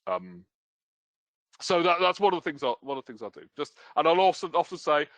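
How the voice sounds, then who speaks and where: A man's voice: on the high side, expressive, fairly quick, fairly bright tone, no echo. A British man presenting a webinar as a game store owner, talking casually with lots of fillers and self-deprecating humor. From United Kingdom.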